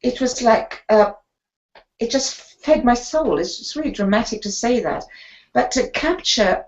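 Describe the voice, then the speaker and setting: An older woman sits as a guest and tells stories from her career as a sports photographer. She speaks in an animated way, slipping into the voices of the people she quotes. The audio is slightly dull and muffled. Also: fairly high pitch, a little slow. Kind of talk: storytelling interview.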